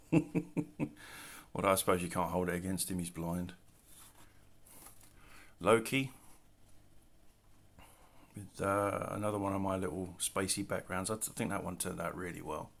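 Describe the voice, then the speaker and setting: Low gravelly-voiced man, relaxed. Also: a little slow, long pauses. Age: middle-aged. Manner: relaxed, rambling, self-deprecating asides. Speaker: artist showing his work. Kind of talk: casual show-and-tell narration. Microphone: camera mic, handling artwork.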